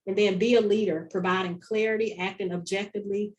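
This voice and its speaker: A woman's voice: mid-range voice, fairly even intonation, quick pace, far from the mic, rough recording. Southern woman presenting, slightly off-mic. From North Carolina. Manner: earnest, repeats key phrases for emphasis. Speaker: conference presenter. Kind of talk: online conference presentation. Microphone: video call.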